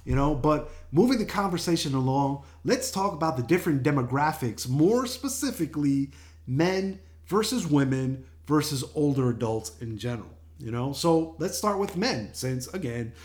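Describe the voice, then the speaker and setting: An older man talks through a casual health show, chatty and easygoing, laughing often between fillers and restarts. His voice sits a little higher than most men's. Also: lively intonation, moderate pace, a little mellow. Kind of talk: casual talk-show monologue.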